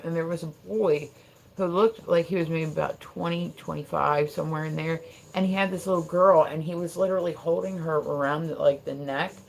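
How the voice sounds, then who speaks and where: A woman streamer recounts a story live to her viewers in a casual, worked-up way. Her voice sits a little low, and her talk is loose, profane and full of "like" and "right?". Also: creaky, a little hiss or hum. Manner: heated, profane, peppered with "like" and "right?".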